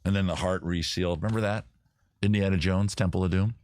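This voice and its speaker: A man's voice: low-pitched, fast talker, no room sound, clean studio sound. A man hosting a casual livestream from outdoors by a fire, joking and rambling as he goes. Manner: rambling, jokey, animated. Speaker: livestream host.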